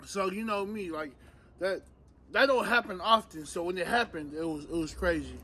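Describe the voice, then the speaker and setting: A man, a professional wrestler, telling stories in casual chat, animated and laughing as he acts out what others said. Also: sits high, moderate pace, slight background noise, poor audio. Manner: animated, laughing storyteller acting out others' voices. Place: outdoors, hot day.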